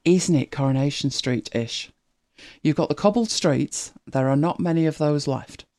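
Speaking at a normal pace in a mid-range voice, this streamer from northern England has a softened northern English accent. They react to videos while chatting casually with viewers, thinking aloud and laughing a lot.

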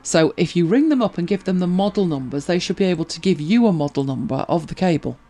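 Quick-paced and animated, the host's mid-range voice has a dark tone. On this tech help show, they answer viewer questions in casual chat, laughing easily and repeating words as sentences get going.

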